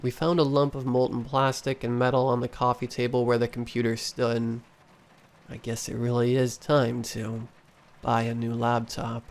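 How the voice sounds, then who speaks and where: A man narrating a horror story in a steady, measured reading. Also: mid-range voice.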